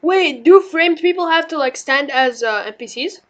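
Excitable young woman gaming, high voice. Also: normal speed, highs cut off. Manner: loud, excitable, swears often. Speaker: gaming channel host. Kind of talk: casual gameplay commentary.

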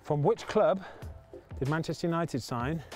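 A man's voice: fairly high pitch, moderate pace, over music. A middle-aged man hosting a football challenge outdoors, teasing the players and reading quiz questions aloud in casual banter. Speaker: goalkeeper host running a football challenge.

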